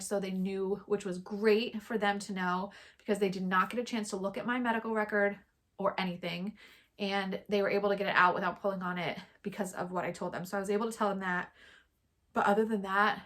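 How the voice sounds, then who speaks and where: A woman in her thirties telling a personal story in a casual, chatty vlog, quoting others in lively bursts. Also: medium pitch. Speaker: vlogger.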